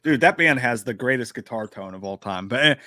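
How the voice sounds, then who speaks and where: Lively, bright-voiced man chatting on a live show. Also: mid-range voice, fairly quick, no room sound, clean studio sound. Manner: animated, laughing, jumps into sung and silly voices. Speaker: podcast co-host. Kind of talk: casual live-stream chat.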